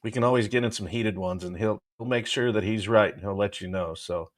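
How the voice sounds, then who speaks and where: A man's voice: lowish voice, a little fast, no echo, clean studio sound. A man on a sports chat panel, wry and offhand, giving credit to a friend.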